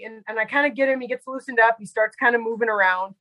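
A woman's voice: on the high side, fast, sharp tone, no room sound, poor audio. A woman guest telling a personal story in casual conversation, chatty and full of "like" and fillers. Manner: chatty, heavy use of "like" and fillers. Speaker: podcast guest; medical provider.

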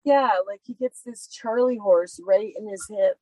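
A woman's voice: mid-range voice, a little slow, warm tone, dry recording. A woman chatting casually and telling a long story about her dogs, full of "like" fillers. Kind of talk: casual chat.

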